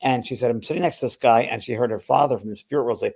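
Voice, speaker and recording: In a quick, creaky, slightly husky mid-range voice with a somewhat mellow quality, an older man barely pauses as he tells a long story. He's a spiritual medium and podcast guest, and his casual anecdote wanders, with many restarts, fillers, and acted-out quotes.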